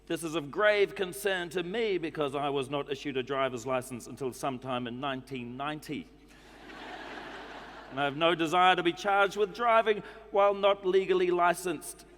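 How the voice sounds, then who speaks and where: A man's voice: a little high, moderate pace, a bit bright, big-room sound, pitched above the performer's own voice, lightly acted. A man putting on a prim New Zealand letter writer. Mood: fussy, formal. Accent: New Zealand (put on). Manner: formal, fussy letter-reading delivery. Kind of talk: stand-up comedy reading. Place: comedy club stage.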